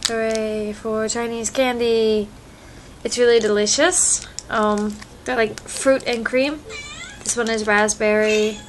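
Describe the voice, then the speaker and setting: A young woman with a fairly high voice vlogs casually at home with a cat, filming on her phone. She speaks slowly with fairly even intonation, rambling easily while her allergies act up and her eyes itch. The audio is poor, with slight background noise.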